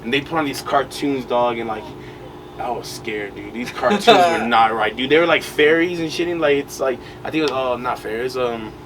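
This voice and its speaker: A young man co-hosts a podcast, telling a long, rambling story full of slang and fillers in a casual chat. His mid-range voice is animated and fairly bright at a moderate pace, picked up by a distant mic with noise behind.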